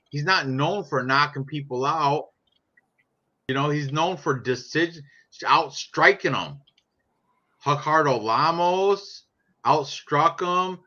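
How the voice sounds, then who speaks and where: A man's voice: on the high side, pushed and bright. A man chatting casually about sports picks in a brash, profane, joking way. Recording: dull lo-fi sound.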